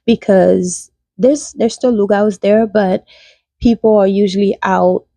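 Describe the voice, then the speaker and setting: A woman's voice: mid-range voice, fairly even intonation, unhurried, creaky, dark tone, no echo. A woman from Haiti, telling folklore stories casually as a channel host. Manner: conversational, searching for words. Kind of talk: casual storytime chat.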